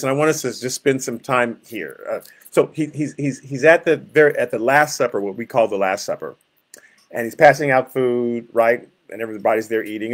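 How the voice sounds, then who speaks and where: A pastor leading a Bible study, explaining verses in plain words and acting out scenes with growls and groans. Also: male voice, medium pitch.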